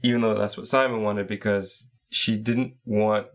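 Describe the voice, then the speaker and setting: A man's voice: on the low side, steady tone, normal speed. A man co-hosting a podcast, casually walking through a story game point by point and laughing along. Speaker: podcast co-host.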